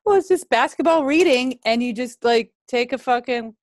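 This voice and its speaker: Over a video call, a woman comedian co-hosts a casual chat, trading dry, playful banter. Her voice is high and her speed is normal.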